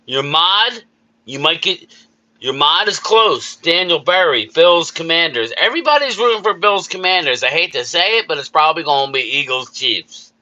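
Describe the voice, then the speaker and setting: A man's voice: a little high, animated, normal speed, bright, forceful tone, muffled recording. A man hosting a casual live chat, upbeat, greeting viewers by name and repeating himself. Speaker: livestream host.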